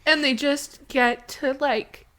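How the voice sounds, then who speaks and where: A woman's voice: sits high, steady tone, slow, sharp tone, slight background noise. A woman co-hosting a casual podcast chat, gushing and rambling with lots of fillers and restarts. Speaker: podcast co-host.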